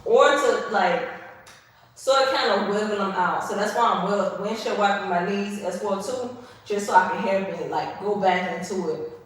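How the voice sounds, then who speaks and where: A woman hosting a casual stretching livestream talks straight to her viewers, chatty, sassy and a bit winded from the effort. Her medium-pitched voice moves at normal speed and sits far off-mic in a very echoey room.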